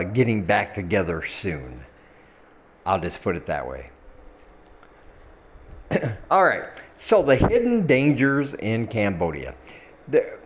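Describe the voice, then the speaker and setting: An older man chatting casually to his viewers in a vlog, laughing at himself and slurring his words a little after some wine. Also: muffled recording. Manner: chatty, laughs at himself, drifts into a low mumble at the ends of phrases. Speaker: vlogger. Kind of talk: casual chat to camera.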